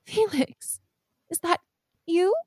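A woman's voice: sits high, very animated, normal speed, dry recording, clean studio sound, voice pushed up. Woman putting on a tearful fussy gnome mother. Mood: weeping joy. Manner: flustered, tearful, fussing. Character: short plump kindly middle-aged gnome mother, weepy and fussy. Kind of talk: tabletop role-play.

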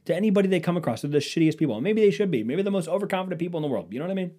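A man's voice: high-pitched, animated, very fast, mellow. A man rambling casually as a podcast host, sarcastic and profane. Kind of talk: casual chat.

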